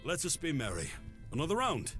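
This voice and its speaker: A man's voice: fairly high pitch, wildly swooping pitch, fairly quick, fairly bright tone, soft background music. An actor playing a melancholy drinking companion in a game who turns merry and coaxing over ale, drawing out his words. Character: melancholy drinking companion, jovial when drunk.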